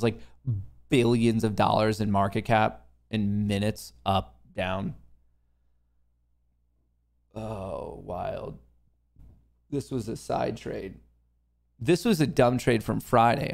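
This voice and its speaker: Man, young adult, low voice, vocal fry, casual live-stream chatter, mutters and swears at the market. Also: darkish tone. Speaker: livestream host, day trader.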